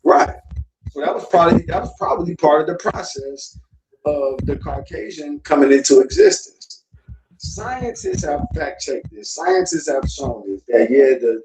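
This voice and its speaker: A man's voice: on the high side, animated, a little slow, a little mellow. A man from South Florida hosting a casual livestream talk, lecturing bluntly and with profanity to his chat. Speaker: podcast host. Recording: echoey room with faint noise.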